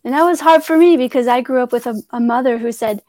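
A woman's voice: a little high, quick pace, darkish tone, no room sound. Earnest woman telling a reflective story. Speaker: guest, transformative coach. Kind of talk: conversational storytelling.

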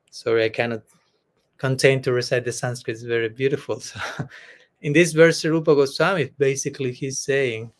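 A male spiritual teacher giving a devotional discourse in an earnest, halting way, often laughing between thoughts. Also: mid-range voice, fairly even intonation.

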